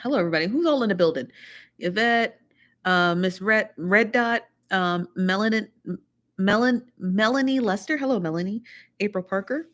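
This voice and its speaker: A woman's voice: medium pitch, normal speed, fairly bright tone. A woman hosting a casual livestream, chatting to viewers and greeting them one by one. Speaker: livestream host.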